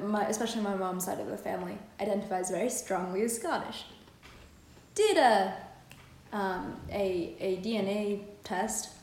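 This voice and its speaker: A woman's voice: mid-range voice, darkish tone, reverberant. A woman co-hosting a podcast, chatting in a rambling way with lots of fillers and laughter, and reading a poem aloud. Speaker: podcast co-host. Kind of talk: casual chat and poetry reading.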